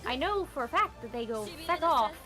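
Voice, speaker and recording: A woman's voice: fairly high pitch, sing-song, a little fast, music in the background. A woman chatting casually on a stream, rambling along with little hedges and asides. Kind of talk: casual chat.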